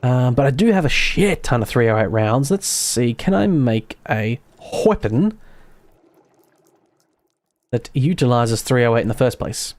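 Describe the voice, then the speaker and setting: A man's voice: mid-range voice, big pitch swings, a little slow, darkish tone, no room sound. An Australian man with an Australian accent, casually commentating his gameplay with sarcastic, self-mocking humor and free swearing. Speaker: streamer.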